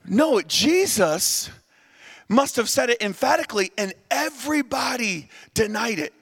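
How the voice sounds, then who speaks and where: A middle-aged man preaching a lively, humorous sermon, shouting at peaks and drawing the crowd to answer back. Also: very high-pitched, measured pace, slightly rough. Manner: animated, humorous, shouts at peaks, invites responses. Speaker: guest preacher.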